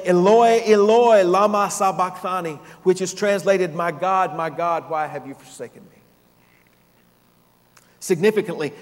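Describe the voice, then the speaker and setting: A man with a fairly high voice preaches from the pulpit, his delivery swelling to emphatic peaks before sinking to a hushed, almost whispered hold. His words ring out with a long reverb through a church hall. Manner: dramatic preaching, swelling loud then dropping to near-whisper. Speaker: pastor. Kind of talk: sermon.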